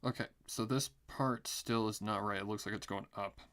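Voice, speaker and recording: A man's voice: lowish voice, steady tone, normal speed, a bit bright. A man thinking aloud as he draws on a live art stream, muttering to himself, often dropping to a whisper, with dry sarcastic asides. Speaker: artist streaming a drawing session. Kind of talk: thinking aloud while drawing.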